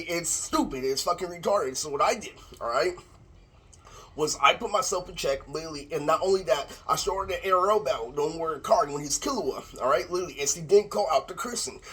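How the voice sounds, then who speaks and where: A man's voice: fairly high pitch, fast, a bit bright, slightly rough. A man delivering a rambling, profane rant to camera, repeating the same filler word constantly, recorded on a laptop microphone. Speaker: vlogger. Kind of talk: ranting monologue to camera.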